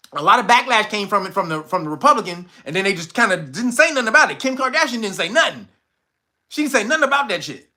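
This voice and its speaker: A man hosting a casual livestream, reading viewer comments and reacting loudly with profanity and frequent laughter. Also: very high-pitched. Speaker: livestream host reading chat.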